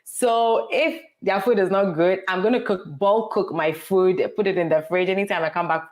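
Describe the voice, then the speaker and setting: A woman's voice: medium pitch, steady tone, normal speed, darkish tone. A young woman from Ghana with a Ghanaian accent, talking as an interview guest and giving earnest, emphatic advice in casual chat.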